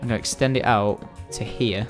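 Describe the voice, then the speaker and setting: A young Scottish man giving casual, excitable commentary while playing a building game, chatting to viewers and the animals. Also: lowish voice, brisk, faint music behind. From Scotland. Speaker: gaming commentator.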